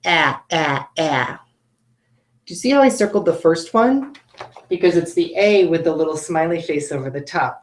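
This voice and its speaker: Woman, phonics teacher for kids; low, patient, deliberate delivery; roomy echo. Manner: slow, patient, models sounds clearly. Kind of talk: video lesson for children.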